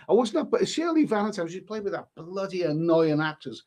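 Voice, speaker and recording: A man's voice: sits high, lively intonation, fairly quick, hardly any pauses. Rambling man reading chat. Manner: rambling, stumbles and repeats words. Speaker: livestreamer reading chat comments. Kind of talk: casual live-stream chat.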